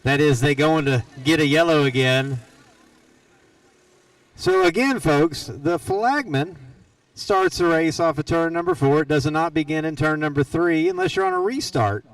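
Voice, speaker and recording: Man calling kart races, gravelly, lively pitch, dry distant mic, folksy jokester. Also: moderate pace, dry recording. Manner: joking, folksy, teasing drivers. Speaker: race announcer. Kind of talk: live race commentary. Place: racetrack announcer stand.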